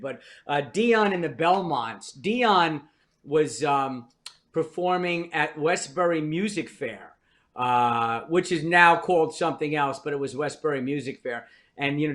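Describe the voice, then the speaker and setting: Veteran comic guest, older man from New Jersey, high and bright. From New Jersey, US East Coast. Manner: wry, rambling storyteller. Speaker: comedian guest. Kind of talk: storytelling in a podcast interview.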